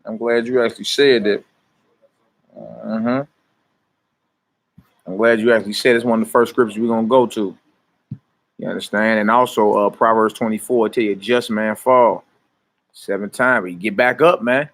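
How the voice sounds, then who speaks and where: A man teaching scripture in a casual livestream sermon, talking to his viewers in relaxed street slang and greeting them by name. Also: fairly low pitch, normal speed, pauses often.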